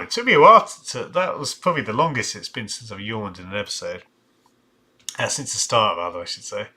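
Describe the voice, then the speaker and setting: Bright, lively man chatting on a live stream. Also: fairly low pitch. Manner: thinking aloud with frequent fillers and restarts; reads out viewer chat comments. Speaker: livestream host reviewing football shirts. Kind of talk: casual live-stream commentary.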